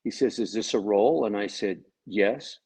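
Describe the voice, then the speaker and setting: A man's voice: lowish voice, moderate pace, darkish tone, husky, poor audio. A man being interviewed about his acting role on a video call. He talks in a joking way and tells stories that quote other people's lines. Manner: jokey, tells anecdotes with quoted dialogue. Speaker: actor and guest. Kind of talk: casual interview chat, storytelling.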